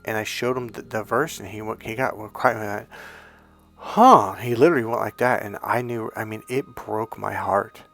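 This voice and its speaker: A low-pitched man with a gravelly edge talks straight to camera, telling a personal story. He is earnest and rambling and keeps stopping to correct himself. Soft music plays faintly behind him. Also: steady tone, fairly quick, hardly any pauses. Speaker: dating and healing coach.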